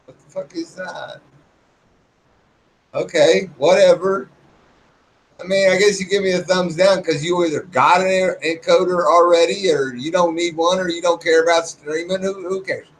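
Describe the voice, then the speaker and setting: Brief: high-pitched guy ranting to his channel, swears freely, rambles. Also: fairly even intonation, moderate pace, slight background noise, poor audio. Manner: rambling, profane, restarts sentences. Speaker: YouTuber. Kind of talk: casual rant to viewers.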